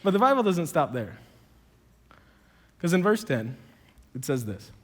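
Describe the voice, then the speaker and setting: A man's voice: fairly high pitch, very animated, measured pace, a bit bright, big-room sound. A man preaching a sermon as a pastor, telling the story with energy and humor. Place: church auditorium.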